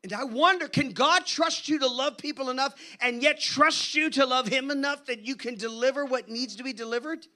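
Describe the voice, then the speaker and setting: Bright, high-voiced man preaching a sermon. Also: moderate pace, hardly any pauses. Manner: animated, conversational storytelling. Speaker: guest preacher. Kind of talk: sermon storytelling.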